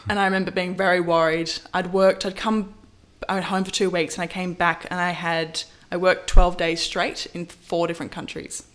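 A woman in casual storytelling, lively, acting out quoted lines with big pitch jumps. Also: moderate pace, hardly any pauses. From Australia. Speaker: model, interview guest.

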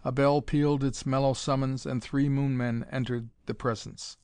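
A man's voice: medium pitch, level tone, moderate pace, darkish tone, clean tone, no echo. A man narrating a dramatic pulp adventure story, reading it aloud in a dry recording.

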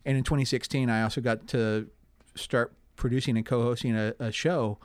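Relaxed man telling his story. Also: mid-range voice, normal speed, no room sound. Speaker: community theater actor. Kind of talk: casual interview.

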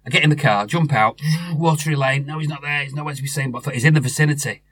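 A man's voice: fairly high pitch, rapid-fire, a bit bright. A middle-aged man, telling a rambling story in casual chat, with many restarts. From North West England.

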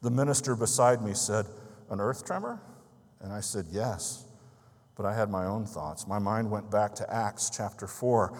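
A man's voice: fairly low pitch, steady tone, normal speed, hardly any pauses, a little mellow, long reverb tail. A man preaching a sermon, telling a story in an earnest, emphatic way.

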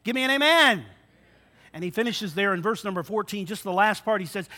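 Male pastor, high bright voice, preaches with acted-out retellings and call-outs to the congregation. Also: lively intonation, a little fast. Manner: dramatic retellings with shifting loudness; rhetorical questions to the congregation. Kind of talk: sermon.

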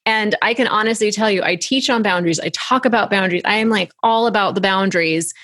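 A woman's voice: medium pitch, quick pace, fairly bright tone, no echo. Female podcast co-host and coach, chatty and easy-laughing, dry close mic. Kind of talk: casual podcast chat.

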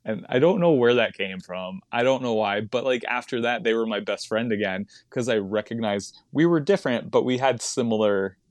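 A man's voice: mid-range voice, moderate pace, few pauses, dry recording. A man who does stand-up comedy, chatting casually on a podcast, rambling and laughing often as he digresses.

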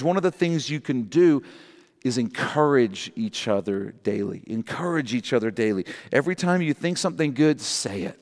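Animated man preaching in a reverberant hall. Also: fairly high pitch. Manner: animated, joking preacher with repeated refrains. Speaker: pastor. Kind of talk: sermon.

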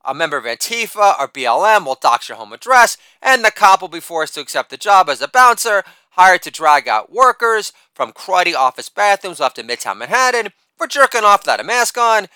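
Middle-aged man, satirical ranter, profane, high and very animated delivery. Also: fairly quick, hardly any pauses, clean tone, dry recording. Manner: profane and sardonic, with a shouted catchphrase. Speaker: writer reading his own piece. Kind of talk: satirical rant reading.

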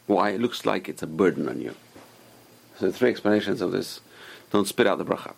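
Guy teaching a torah class, low gravelly voice, quotes hebrew and warns you firmly. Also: lively intonation, brisk. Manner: explains with Hebrew quotes, emphatic warnings.

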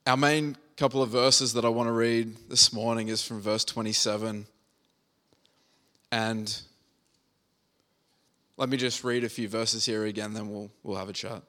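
A man's voice: medium pitch, steady tone, normal speed, pushed and bright. Male preacher, mid-range voice, conversational sermon with jokes. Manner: conversational, humorous storytelling with scripture reading.

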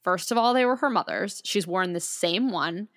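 A woman's voice: on the low side, animated, normal speed, fairly bright tone. Chatty woman podcast co-host. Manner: enthusiastic, talks in long run-on thoughts. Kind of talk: casual chat.

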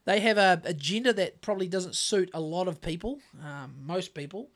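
A man's voice: high-pitched, normal speed, a bit bright. A man with a New Zealand accent co-hosting a podcast in casual chat, rambling and swearing, with many restarts. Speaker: podcast co-host.

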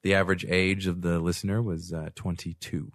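A man's voice: low-pitched, level tone, a little fast, no echo, studio quality. A young man hosting a podcast in casual chat, rambling and joking, laughing often. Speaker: podcast host. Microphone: studio microphone.

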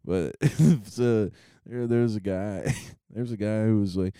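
A man's voice: on the low side, fairly even intonation, slow pace, hardly any pauses, dark tone, clean tone, no room sound, clean studio sound. A young man co-hosting a casual comedy podcast, crude and laughing often, slipping into funny voices for quoted people. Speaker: podcast co-host.

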